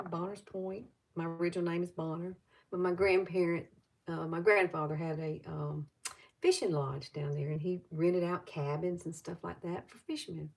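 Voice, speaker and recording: A woman's voice: fairly low pitch, gravelly. A woman over fifty with a Southern US accent, chatting loosely through a live makeup tutorial and greeting viewers as she goes. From Alabama.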